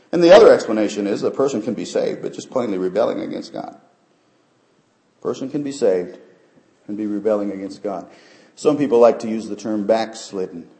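Middle-aged male pastor, sermon with testimony, quiet asides to loud peaks, echoey church room. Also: creaky. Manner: swings from soft, low asides to loud, high preaching peaks. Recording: roomy church sound.

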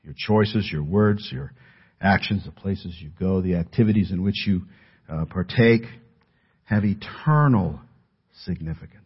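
A male pastor preaching a sermon in earnest, moving between raised emphasis and hushed pleading. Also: sits low, measured pace, breathy edge, highs cut off.

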